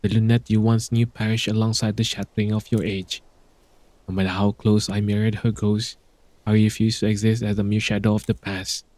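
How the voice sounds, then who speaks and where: A man voicing a gentle, solemn female star goddess, reading her game lines in a soft, formal and grave way. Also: fairly low pitch, flat delivery, fairly quick, no room sound, close to an everyday voice. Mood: firm. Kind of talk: reading game dialogue aloud.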